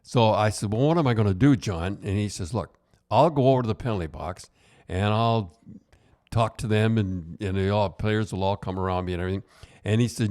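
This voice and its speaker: A man's voice: fairly low pitch, lively intonation, moderate pace. An older man, a podcast host and retired hockey coach, telling casual stories in a rambling way with many restarts. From Canada. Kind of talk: casual storytelling.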